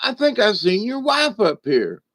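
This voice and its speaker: High, squeaky gossip voiced by a man in a joke. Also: wildly swooping pitch, unhurried, a bit bright, no echo, heavily acted. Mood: excited. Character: excited gossiping man in heaven.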